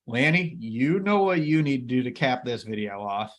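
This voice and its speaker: Man, investing co-host, casual chat, upbeat, talks to viewers, mid-pitched voice. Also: big pitch swings, moderate pace. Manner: enthusiastic, addresses viewers as everybody.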